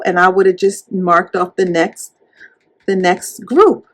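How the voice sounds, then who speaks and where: A woman chatting casually while counting cash at home, animated and playful as she retells a story. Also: lowish voice, slow. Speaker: cash-stuffing YouTuber.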